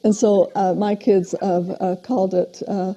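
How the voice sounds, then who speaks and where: Husky-voiced older woman lecturing parents. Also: mid-range voice, flat delivery, a little slow, dark tone. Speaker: parent educator. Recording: dull lo-fi video playback.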